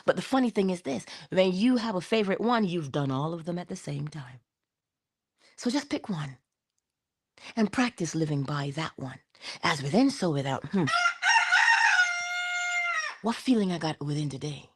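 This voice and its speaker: A woman hosting a spiritual talk, animated and laughing often as she tells stories. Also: lowish voice, moderate pace, pauses often, husky. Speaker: spiritual channel host. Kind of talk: casual spiritual talk to viewers.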